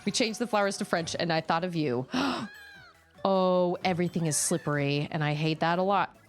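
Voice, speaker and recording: A woman streaming a game, chatting casually and reacting with quick exclamations as she plays. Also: lowish voice. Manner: chatty, animated, quick exclamations and laughs while playing. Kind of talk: casual live-stream chat while gaming. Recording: faint game music behind.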